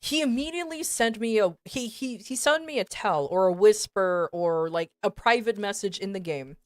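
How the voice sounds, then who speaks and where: A woman's voice: mid-range voice, normal speed, no echo. A woman streamer telling a story to her chat in a casual, rambling way, swearing often. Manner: swears a lot, animated and rambling.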